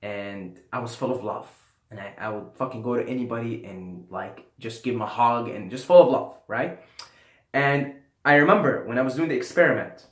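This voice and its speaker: A man holds forth on spiritual love in a loose, profane, storytelling way, often sinking to a soft, low murmur. His voice sits at a middling pitch. The room around him rings with a noticeable echo. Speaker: YouTuber. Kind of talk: casual spiritual monologue to camera. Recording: roomy echo.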